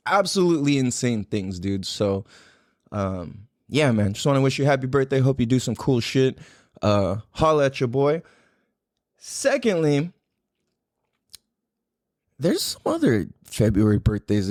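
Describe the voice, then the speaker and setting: A man's voice: mid-range voice, no room sound, studio quality. A man in his forties from the USA hosting a podcast, talking casually with lots of swearing and slang. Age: 40s. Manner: laid-back, profane slang-heavy talk. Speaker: podcast host. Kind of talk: casual monologue.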